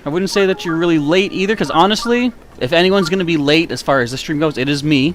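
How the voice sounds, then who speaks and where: A man's voice: a little high, quick pace, hardly any pauses, a little hiss or hum. A man streaming a video game live, chatting casually with viewers in a self-mocking way, with a slightly nasal voice. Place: warm room indoors.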